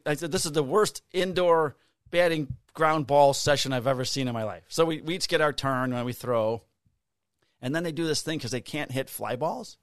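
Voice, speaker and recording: With a medium-pitched voice, a podcast co-host in his fifties tells a long, laid-back story, swearing often and acting out conversations animatedly. The recording is dry and studio quality.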